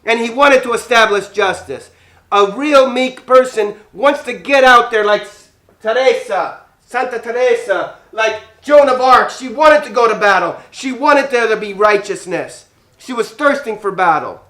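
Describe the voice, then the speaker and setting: Man, high voice, animated priest, kids' bible lesson, acts out scenes, spanish words mixed in. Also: measured pace. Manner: quizzes the kids. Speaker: priest teaching children.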